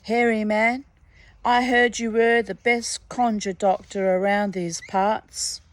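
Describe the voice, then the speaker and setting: A woman's voice: mid-range voice, fairly even intonation, slow pace, no echo, lightly acted. A woman voicing a wily young country man who tries to trick a monster in a storybook reading, in a folksy, sly way. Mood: flattering.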